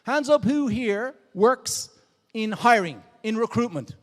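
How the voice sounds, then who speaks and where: Irish male keynote speaker, upbeat and interactive, higher voice, recorded in a long-reverb conference hall. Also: lively intonation, slow. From Dublin, Ireland. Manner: upbeat, drawing the crowd in with show-of-hands questions. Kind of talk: energetic interactive stage talk. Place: large conference hall on stage.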